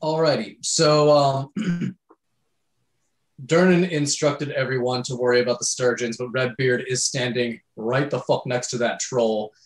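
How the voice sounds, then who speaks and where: A man playing a tabletop role-playing game, laying out his character's actions in a loose, laid-back manner. His voice sits at an ordinary middle pitch. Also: unhurried, low-quality recording. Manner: relaxed, laid-back, lots of fillers. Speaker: player. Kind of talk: casual tabletop play.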